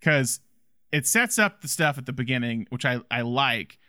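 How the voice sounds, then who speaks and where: Bright, animated man in casual film talk. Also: medium pitch, moderate pace, no echo, clean studio sound. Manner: animated, laughs often, restarts when excited. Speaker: podcast co-host.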